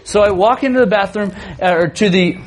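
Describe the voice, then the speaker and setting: A man in his thirties, a youth pastor telling a funny family story in a sermon, animated and often laughing. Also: sits high, a little fast.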